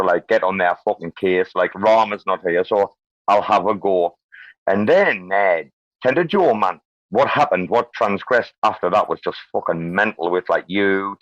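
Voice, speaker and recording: Man, low voice, dry muffled online audio, rambling, swears a lot. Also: a bit bright, no echo. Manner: swears freely, rambling and blunt. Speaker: host. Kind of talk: casual crypto chat on a live audio stage.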